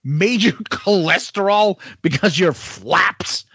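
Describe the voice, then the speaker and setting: Husky, high-voiced laughing storyteller man. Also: lively intonation, slow pace, bright, forceful tone, no echo. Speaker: podcast co-host. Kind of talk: casual chat.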